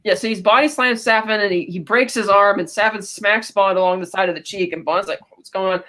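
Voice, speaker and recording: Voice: medium pitch, bright, forceful tone. A podcast co-host retelling a film in casual chat, rambling and stopping often to quote lines in passing. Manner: rambling, retells scenes with quick quoted asides.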